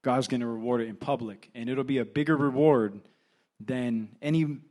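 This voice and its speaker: A man's voice: mid-range voice, fairly even intonation, moderate pace, mellow. A young man with a Californian accent, an assistant pastor telling a personal story in a casual sermon full of fillers. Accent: Californian English. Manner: conversational, filler-heavy storytelling. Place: church.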